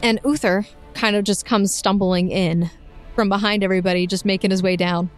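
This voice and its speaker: A woman narrating as game master of a tabletop game, lively and playful, often laughing. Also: mid-range voice, fairly quick, clean tone, faint music behind.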